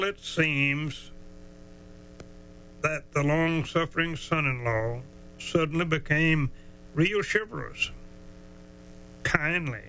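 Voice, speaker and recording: Guy telling an old folk tale, kinda high voice, sharp and bright, drawly and chuckly. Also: vocal fry, a little hiss or hum, poor audio. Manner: drawling, chuckling, dramatic slowdowns. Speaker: storyteller. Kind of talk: folksy storytelling.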